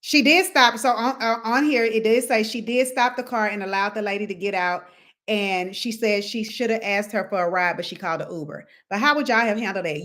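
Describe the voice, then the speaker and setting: A young woman hosting a casual live stream, chatty and animated, reading viewer comments and laughing often. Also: on the high side.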